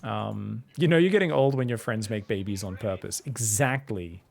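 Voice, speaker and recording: A man's voice: on the low side, moderate pace, gravelly, a little mellow. A man, casually commentating a strategy game and chatting with viewers in a rambling, laid-back way. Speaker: StarCraft coach and streamer.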